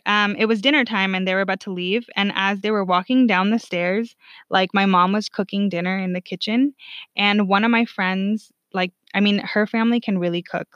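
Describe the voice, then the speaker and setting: A woman's voice: medium pitch, fairly bright tone, dry recording. A young woman telling a personal story candidly, swearing freely and leaning on "like" as a filler. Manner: frank, profane, heavy on "like" fillers. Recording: dull, lo-fi dry recording.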